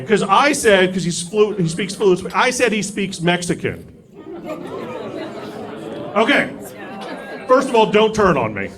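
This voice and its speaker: A young man doing a stand-up set on a comedy club stage with an animated, self-mocking delivery. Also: sits high. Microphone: stage mic. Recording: live club recording with crowd. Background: audience laughter.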